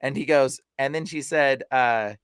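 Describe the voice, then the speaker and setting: Animated male guest telling stories. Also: mid-range voice, a little slow, smooth, no echo, clean studio sound. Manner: animated, retells stories with quoted voices and laughs. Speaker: podcast guest, deliverance minister. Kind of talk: casual storytelling.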